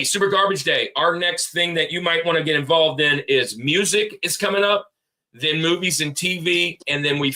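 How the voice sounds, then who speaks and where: A man's voice: on the high side, pushed and bright. A man co-hosting a casual podcast, rambling and laughing as he tells stories. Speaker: podcast co-host.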